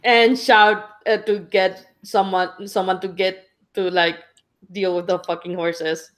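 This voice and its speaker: A woman's voice: mid-range voice, flat delivery, takes it slowly. A woman playing in a tabletop game, casual and swearing freely. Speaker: player.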